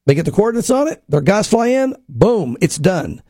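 Pastor guy talking fast in bursts, kinda high voice, mellow tone, dry close mic. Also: no echo. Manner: animated, talks in bursts, acts out quotes. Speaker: pastor and co-host. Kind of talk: casual prophecy talk show.

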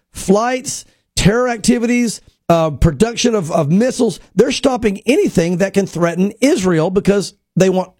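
A man, a pastor co-hosting a talk show, talks in animated bursts and acts out quotes. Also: high-pitched, husky, no room sound, studio quality. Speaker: pastor and co-host. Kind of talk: casual prophecy talk show.

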